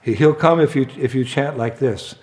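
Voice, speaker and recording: A man voicing a calm, patient male holy man in a spoken story, giving instructions plainly. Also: mid-range voice, moderate pace, natural voice.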